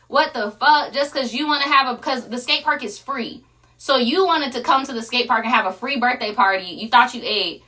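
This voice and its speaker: A woman's voice: a little high, a little fast, pushed and bright. A young woman, telling a casual story full of profane slang. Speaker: streamer.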